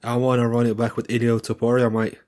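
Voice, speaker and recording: A man's voice: medium pitch, completely flat delivery, quick pace, darkish tone, lightly acted. A man putting on a cocky Australian fighter voice. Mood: boastful. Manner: ends every phrase with "mate".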